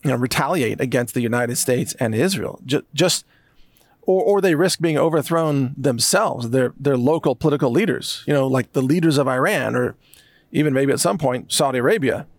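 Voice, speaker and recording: A man's voice: mid-range voice, normal speed, dry recording, clean studio sound. A man delivering an emphatic, sarcastic commentary monologue. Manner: emphatic, sarcastic, mocks others in put-on voices. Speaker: political commentator.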